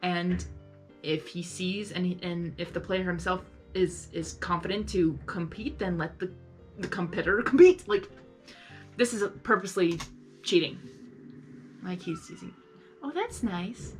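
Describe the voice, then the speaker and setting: A woman's voice: on the low side, a little slow. A young woman chatting through a live reaction to an episode. She rambles along, fills her talk with "like", and argues with the characters on screen. Faint music sits underneath her. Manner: chatty, lots of "like", talks back to the characters. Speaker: reaction video host. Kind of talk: casual live reaction commentary.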